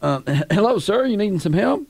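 A man's voice: sits high, sing-song, fairly quick, gravelly, darkish tone, no room sound, clean studio sound. A man co-hosting a morning radio show, joking his way through a prank call in a playful, mock-earnest manner. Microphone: studio microphone.

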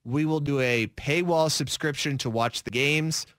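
A man's voice: fairly high pitch, unhurried, no echo, clean studio sound. A man co-hosting a sports radio show, talking in casual, rambling sentences full of fillers. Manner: animated, rambling with many fillers.

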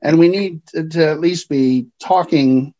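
A man with a mellow, slightly raised voice speaks as a counselor in a podcast interview. He explains things in a calm, measured way. The sound is a bit dull and lo-fi. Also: fairly high pitch, slight background noise.

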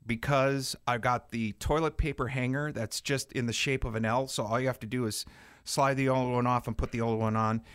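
A man's voice: moderate pace, clean tone, no room sound, studio quality. A middle-aged man co-hosting a casual chat, joking and playing up being grumpy with big swings in his voice. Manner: joking, mock-grumpy, animated pitch jumps. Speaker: podcast co-host.

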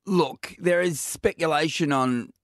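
An Australian man joins a radio show as a guest. He jokes and rambles to dodge questions, his voice a touch high. The mic is dry and close. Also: measured pace, dry recording. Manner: jokey, evasive, rambling. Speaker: studio guest, talent show judge. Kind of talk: casual radio interview. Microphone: studio microphone.

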